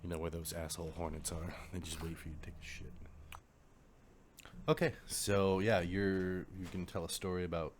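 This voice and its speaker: A man's voice: low voice, little pitch movement, moderate pace, a little hiss or hum. A young man from the Pacific Northwest co-hosting a podcast, telling a story in a casual chat, laughing often and swearing freely. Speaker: podcast co-host.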